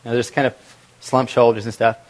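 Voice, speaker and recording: A middle-aged man giving an energetic coaching talk to a live workshop audience. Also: mid-range voice, fast. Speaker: video presentation trainer.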